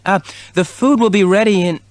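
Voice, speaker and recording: A man voicing an eager young boy cat-child in a storybook reading, sounding high and excited. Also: normal speed, no echo, close to an everyday voice.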